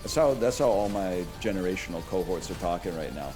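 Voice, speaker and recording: A man in his thirties streaming a game, chatting with his viewers as he plays. His talk is lively and rambling, with a pitch that rises and falls constantly as he jumps between jokes and tangents. Faint game music plays underneath. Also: brisk. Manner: rambling, joking, wanders off on tangents. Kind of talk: casual chat while playing a video game.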